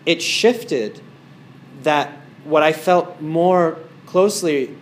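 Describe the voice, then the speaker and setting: A man's voice: on the high side, extremely slow, slight background noise. A man giving a casual talk as a meditation teacher to a small group in a wellness center, rambling through stories with many fillers.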